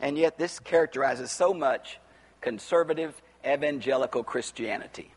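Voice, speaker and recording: A man preaching an expository Bible sermon, teaching from the text and rising to near-shouts on his rhetorical questions. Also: mid-range voice, moderate pace, slightly rough, in a large hall.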